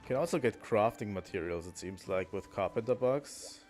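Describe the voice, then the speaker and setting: A man with a fairly low voice talks casually as he streams a video game, thinking aloud and pausing on ums. Faint game music plays underneath him. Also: animated, a little mellow. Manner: musing aloud to himself, with frequent ums and restarts. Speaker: gaming streamer. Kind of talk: casual let's-play commentary.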